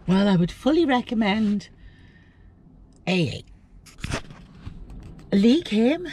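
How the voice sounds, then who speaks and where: A woman's voice: medium pitch, very animated, slow pace, pauses often, mellow, slight background noise. A woman talking casually in a travel vlog, chatty and exclamatory, laughing often. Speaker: vlogger.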